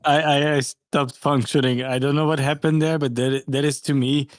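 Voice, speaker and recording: A man's voice: fairly high pitch, flat delivery, normal speed, no echo. Guest reviewer, male, amused rambling chat, dry close sound. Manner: amused, rambling, restarts sentences. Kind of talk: casual live-stream chat.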